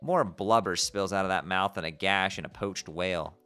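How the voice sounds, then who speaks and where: A man's voice: low-pitched, moderate pace, bright, forceful tone, clean tone, faint music behind, voice pushed down. A man voicing a bubbly, regal teenage sea-troll princess who drops "glub" into her speech as he reads a webcomic aloud. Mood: breezy.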